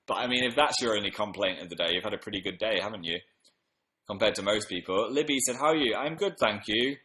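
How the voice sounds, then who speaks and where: A man's voice: fairly low pitch, fast talker, bright, forceful tone, roomy sound, rough recording. A man hosting a casual livestream from a room at home, tired after a late night, chatting and reading out comments with upbeat bursts. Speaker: livestream host.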